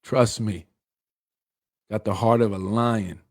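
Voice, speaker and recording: A man's voice: fairly low pitch, steady tone, slow pace, a little mellow. A middle-aged man hosting a political show, delivering a blunt, confrontational, streetwise monologue. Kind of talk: heated monologue.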